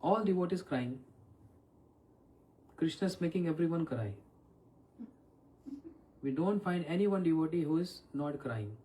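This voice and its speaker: A spiritual teacher leads an evening question-and-answer talk. His voice is mellow and sits slightly high, and he keeps turning questions back to his listeners. The microphone is some way from him. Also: animated, a little slow, long pauses. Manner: questions the listeners often, with throat-clearing. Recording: voice from far off the mic.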